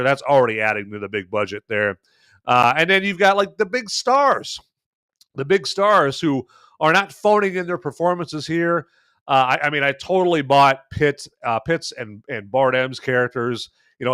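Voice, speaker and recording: A man's voice: medium pitch, bright, forceful tone, clean tone, no room sound. A man hosting a podcast, giving a casual spoken film review in a chatty way, full of fillers and emphatic asides.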